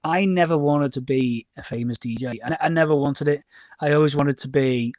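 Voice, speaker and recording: At a moderate pace and in a slightly high voice with no echo, a middle-aged man from Liverpool chats casually as a podcast guest. He's a DJ and label owner with a Scouse accent, a lively storyteller who rambles, self-corrects, often repeats words and acts out quoted exchanges.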